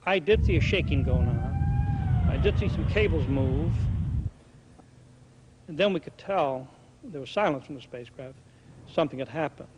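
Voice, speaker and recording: A man's voice: on the high side, huge pitch swings, normal speed, long pauses. Man on a dull, noisy lo-fi recording. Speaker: witness at the launch site. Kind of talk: interview recollection. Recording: dull, lo-fi archival clip with loud clicks and noise.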